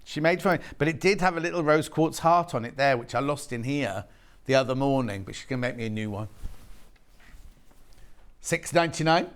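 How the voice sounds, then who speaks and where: A man's voice: mid-range voice, moderate pace, pauses often, smooth. A man presenting on a live shopping channel, chatting, gushing over fabrics and joking with the crew behind the camera. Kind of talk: live TV sales chat. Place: TV studio.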